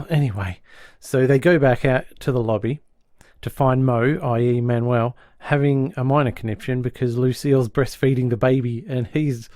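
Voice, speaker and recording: Chatting through a sitcom plot on his podcast, this co-host keeps slipping into rapid character impressions. He has a middle-register voice with a darkish tone and fairly even intonation, captured dry and up close on the mic.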